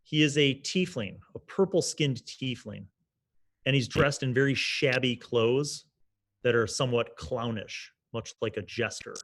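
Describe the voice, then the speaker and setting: A man's voice: mid-range voice, measured pace. A man narrating a tabletop game as game master, casual and descriptive with fillers.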